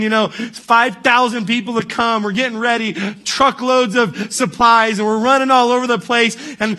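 A man preaches with a high, bright voice. He talks to the congregation conversationally, tossing in quick "right?" check-ins and starting sentences over as he goes. It comes across as a casual, direct sermon. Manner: conversational preaching, frequent "right?" asides and restarts. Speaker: pastor.

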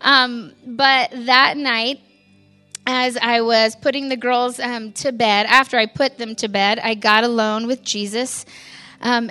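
A woman gives a personal testimony in a church. She speaks candidly and conversationally, with filler words and self-deprecating laughs. Her voice is bright and a little high, with faint music playing behind her. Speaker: pastor's wife giving a testimony.

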